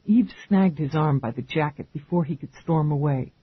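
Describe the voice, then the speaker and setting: A man narrating an audiobook in a measured, even storytelling manner. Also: on the high side, husky, no echo. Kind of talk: scripted narration. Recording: tinny phone-like band, dry.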